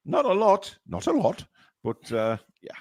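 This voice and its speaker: Excitable male football commentator. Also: high-pitched, measured pace. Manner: excitable play-by-play, bursting into shouts at chances. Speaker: host and match commentator. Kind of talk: live fan match commentary.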